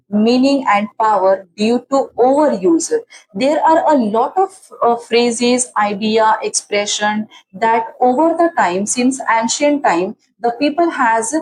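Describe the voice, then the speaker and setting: In a low-quality recording, a woman with a slightly high voice teaches literary terms in an exam-prep lecture. She explains by restating each definition several times, with fillers and restarts along the way.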